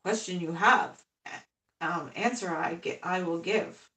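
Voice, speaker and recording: Brief: woman imitating a tiny wise old alien master, scrambled word order, gravelly, echoey and distant. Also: on the low side, unhurried, fairly bright tone. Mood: deadpan. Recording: echoey room, far from the mic.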